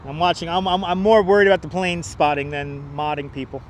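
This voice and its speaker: High-voiced man joking through a livestream. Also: steady tone, brisk, a little hiss or hum. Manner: joking, mock folksy 'there, eh?' phrasing; calls out arriving flights like an announcer. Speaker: livestream host, plane spotter. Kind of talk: casual live commentary to chat. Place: outdoors near an airport runway. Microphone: wireless clip-on mic.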